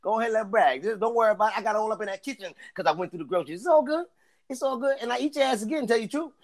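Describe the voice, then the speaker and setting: A young man runs a live audio room in a high voice, full of crude jokes and laughter. He keeps hyping up his listeners and urging them to send reactions. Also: animated, racing. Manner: loud, joking, laughs often, hypes the listeners. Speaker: room host.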